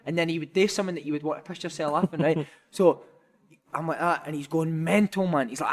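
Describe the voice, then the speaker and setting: A man in his thirties spins a lively football story in loose, sweary chat. His voice sits a little high for a man, and he breaks into laughter often. He keeps peppering his sentences with "mate". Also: fast talker. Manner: animated, laughing, sweary, says "mate" a lot. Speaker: podcast guest, former footballer. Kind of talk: casual storytelling, anecdote.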